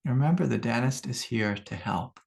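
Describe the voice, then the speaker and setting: Calm and unhurried, a middle-aged meditation teacher delivers a spiritual teaching talk in which he keeps returning to his key phrases. He speaks at a medium pitch with vocal fry.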